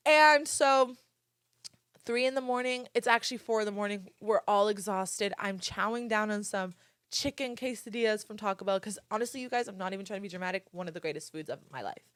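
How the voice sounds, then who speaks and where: This young podcast host has a mid-range voice, recorded dry and clean in a studio. Addressing her listeners in a casual storytelling chat, she stretches and drawls her words so they come out a bit slurred, and she swears without holding back.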